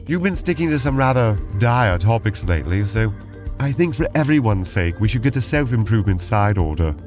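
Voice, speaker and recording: A man's voice: lowish voice, very animated, brisk, darkish tone, soft background music. A man co-hosting a podcast, dry and exasperated in playful banter. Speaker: podcast co-host. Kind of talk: playful role-play banter.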